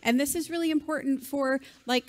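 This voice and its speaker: A woman's voice: high voice, steady tone, fairly quick. A woman co-presenting a conference keynote, upbeat and encouraging, bantering with her partner. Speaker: keynote co-speaker. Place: conference stage.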